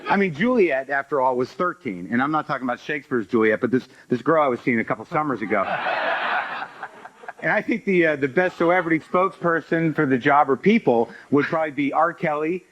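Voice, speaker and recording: Male comic, slightly high voice, mock-earnest pitch, dull TV audio. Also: expressive, a little fast, a bit bright, slight background noise. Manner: mock-earnest, builds to a twist. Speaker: comedian panelist. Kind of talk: stand-up style bit. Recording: dull lo-fi TV recording.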